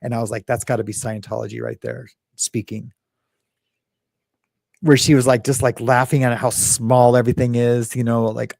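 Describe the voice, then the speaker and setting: A man talks in a rambling, emotional way, his voice gravelly with fry. His mid-range pitch sits close to the mic in a dry, dead space, full of fillers and restarts as he hosts the show. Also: steady tone, moderate pace, a little mellow, dry recording. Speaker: host. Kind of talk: casual talk.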